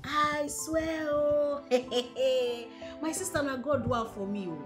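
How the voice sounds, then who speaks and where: An actress playing a bossy, wealthy wife and employer with a Nigerian accent, who talks in a commanding way. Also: female voice, sits high, slow, roomy sound, music in the background. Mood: gossiping. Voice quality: commanding, breaks into loud laughs.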